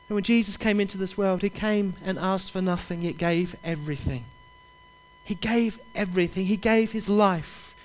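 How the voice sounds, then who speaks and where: High-voiced impassioned male preacher. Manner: impassioned, repetitive, urges listeners directly. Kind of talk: sermon.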